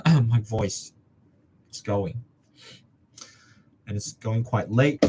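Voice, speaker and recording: A man's voice: on the low side, extremely slow, pauses often, a little mellow, slight background noise. A young man from Hong Kong, a student vlogger, muttering and joking to himself as he studies. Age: young adult. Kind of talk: study-with-me self-talk.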